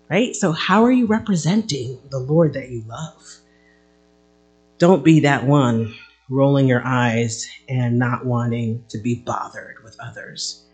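A woman's voice: low voice, a little slow, darkish tone, husky. A woman pastor giving a conversational sermon, acting out little everyday scenes as she preaches.

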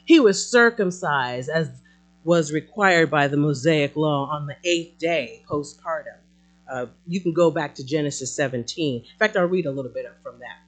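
A woman's voice: deep voice, normal speed. A woman preaching a sermon in a conversational, emphatic way, acting out quotes as she goes.

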